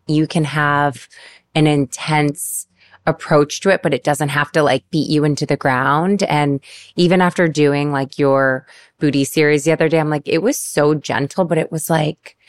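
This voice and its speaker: Female podcast host; low voice, enthusiastic and effusive, dry close mic. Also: dry recording. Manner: warm, enthusiastic, gushing. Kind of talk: casual podcast interview.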